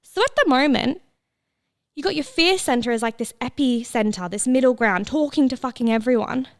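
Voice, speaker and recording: A solo podcast host, she speaks at a normal pace in a high voice with lively intonation, chatty and laughing, cursing freely and at times whispering. Close-miked for headphone listeners, the studio-quality recording has no room sound.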